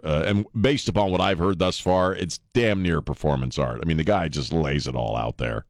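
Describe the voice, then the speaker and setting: A man from the northern US hosting a casual talk radio show, rambling with many restarts and excited reactions. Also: extremely low pitch, no room sound, clean studio sound. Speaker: radio host.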